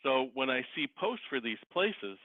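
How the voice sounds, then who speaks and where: A man speaks as a guest over a thin, phone-like line with a dry, close sound. He tells his stories with lively energy and acts out the voices of the people in them. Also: mid-range voice, moderate pace, no room sound. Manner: lively storyteller who acts out quoted voices. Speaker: guest, wedding officiant and celebrity impersonator. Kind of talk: casual interview storytelling.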